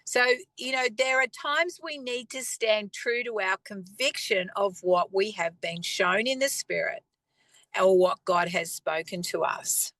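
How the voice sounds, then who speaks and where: A woman sharing a personal faith testimony in an earnest, conversational way, pausing and clearing her throat now and then. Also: medium pitch, sharp tone, dry recording, poor audio. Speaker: faith speaker.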